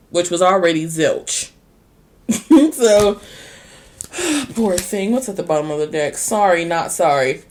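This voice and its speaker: A woman reads tarot in a casual, blunt way, full of slang and cussing. Her pitch is middling for a woman and she laughs often. A faint hiss sits under the recording. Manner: blunt, sassy and slangy, swears freely; laughs often, drawn-out speech. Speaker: tarot reader.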